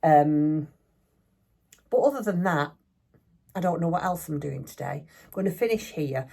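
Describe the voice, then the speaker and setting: This older woman's voice is deep, creaky, and dark in tone, animated yet a little slow. She's filming a craft vlog at home in her craft room, chatting and rambling in a self-deprecating way.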